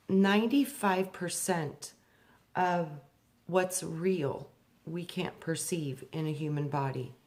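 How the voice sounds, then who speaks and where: A woman, a spiritual speaker, tells a personal spiritual story, growing slow and hushed on deep points and animated as she relives a memory. Her voice rises sharply when she acts out her younger self.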